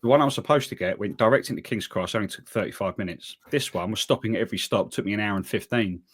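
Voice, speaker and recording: A man's voice: quick pace, husky. A man, co-hosting a podcast and telling a long story in casual chat, acting out what people said. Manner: animated storyteller, acts out quotes with big pitch jumps. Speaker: podcast co-host.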